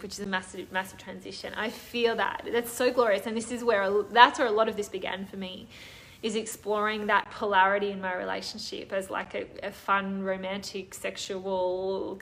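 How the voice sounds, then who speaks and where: A woman's voice: mid-range voice, steady tone, a little fast, vocal fry, a bit bright. A woman hosting a live online coaching session, talking enthusiastically and reading out viewer comments. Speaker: online course host. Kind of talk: live-stream coaching talk.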